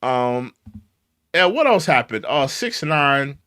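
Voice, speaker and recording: Animated, mocking male commentary host. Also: mid-range voice, slow, dry recording, studio quality. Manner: mocking, animated, repeats himself for emphasis. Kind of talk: opinionated commentary.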